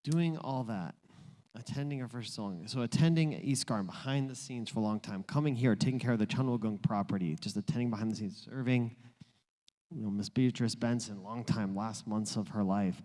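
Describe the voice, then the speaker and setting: A man hosting an interview, asking earnest, measured questions and thanking a guest for the community. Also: fairly low pitch, warm tone, long reverb tail. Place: community office room.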